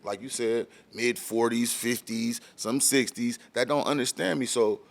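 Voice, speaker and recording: A man from San Diego County, a rapper guest on a podcast, telling a long story quickly and acting out the voices of the people in it. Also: mid-range voice. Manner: fast, rambling, acts out quoted voices. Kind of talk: storytelling in casual podcast chat.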